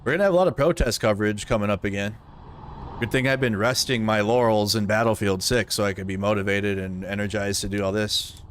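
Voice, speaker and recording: A man's voice: on the low side, fairly even intonation, fairly quick, a little hiss or hum. A man hosting a live news commentary stream, talking bluntly and with profanity. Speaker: livestream news host.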